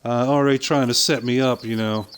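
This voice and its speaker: An older man streaming a game, casually telling a long story with swearing and quick impressions of other people. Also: medium pitch, steady tone, smooth. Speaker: gaming streamer. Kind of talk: casual storytelling while playing.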